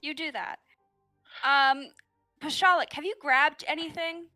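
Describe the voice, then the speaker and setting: Woman game master, high and bright, loose and giggly narration. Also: fairly even intonation, a little slow, faint music behind. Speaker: dungeon master.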